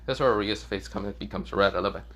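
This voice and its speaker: A man's voice: lowish voice, fast talker, fairly bright tone, a little hiss or hum. A young man improvising a fan story aloud, rambling with many fillers and self-corrections and casual swearing. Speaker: fan fiction narrator.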